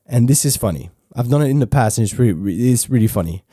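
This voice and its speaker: A man's voice: mid-range voice, animated, quick pace, dark tone, dry recording, clean studio sound. A man from France with a French accent, hosting a podcast in a casual advice monologue; laid-back, swearing freely and often restarting his sentences. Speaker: podcast host.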